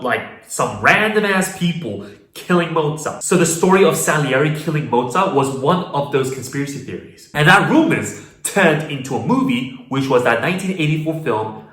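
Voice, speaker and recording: Lively, opinionated male lecturer. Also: on the high side, normal speed. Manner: animated and opinionated, loose slang. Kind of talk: casual video lecture. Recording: roomy echo, faint background music.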